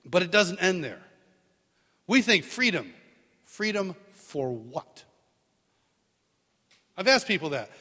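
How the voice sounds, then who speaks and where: Middle-aged male preacher with a high voice, lively storyteller, acts out dialogue, reverberant church hall. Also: slow pace, pauses often. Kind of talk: sermon. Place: large church hall with live congregation.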